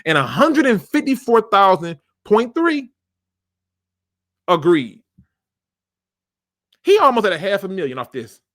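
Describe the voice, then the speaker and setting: A man hosts his football fan channel in a casual, emphatic rant, leaning on slang and repeating lines to hammer a point home. His voice sits a bit high and swings widely in pitch. The sound is dry and close, with no room around it. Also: big pitch swings, a little slow, long pauses, a bit bright, no room sound. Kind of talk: casual sports commentary rant.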